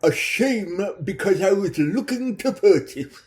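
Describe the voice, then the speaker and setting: A man's voice: high-pitched, lively intonation, a little slow, pitched above the performer's own voice. Man doing a pompous toothless pimp. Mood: smarmy.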